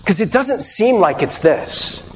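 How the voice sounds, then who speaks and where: A man's voice: high-pitched, sing-song, a little slow, long reverb tail. A man preaching a sermon as pastor, earnest and conversational, asking the listeners rhetorical questions.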